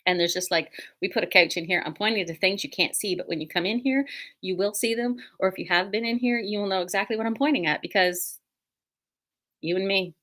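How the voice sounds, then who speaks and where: Middle-aged woman, shop-owner host, rambling self-deprecating jokes, bright crisp voice, mid pitch. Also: brisk. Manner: chatty, self-deprecating, joking. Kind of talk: casual livestream chat. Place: her quilt shop.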